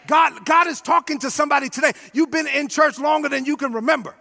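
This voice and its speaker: Male pastor, very high voice, gravelly, animated shouting sermon. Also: fast, big-room sound, a faint crowd. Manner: animated, shouting call-and-response preaching.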